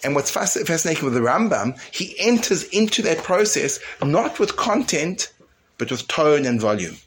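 Male teacher, casual, emphatic with hushed asides, frequent restarts, faint noise behind. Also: fairly high pitch, moderate pace. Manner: animated, swings from loud emphatic to hushed. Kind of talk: informal Torah class.

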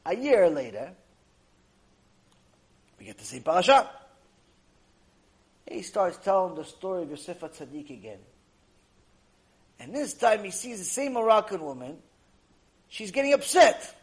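A man's voice: high voice, a little slow, pauses often, rough recording. A man giving a Torah lecture as a rabbi, telling stories animatedly, often repeating himself. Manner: animated, repetitive, acts out the people in his stories.

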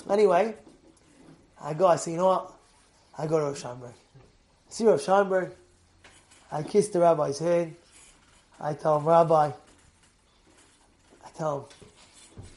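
A man giving a sermon as a lively story, swinging from loud urging to hushed, quiet storytelling. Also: sits high.

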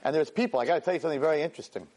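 A man, a rabbi and teacher, telling a story in a Torah class, animated and self-mocking, sprinkling in Hebrew and Yiddish words. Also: fairly high pitch, rapid-fire.

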